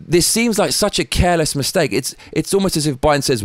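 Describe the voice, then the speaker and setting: A man's voice: a little high, lively intonation, brisk, few pauses, dry recording. A man hosting his own show, heated, angry and heavily profane in his political commentary. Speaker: host.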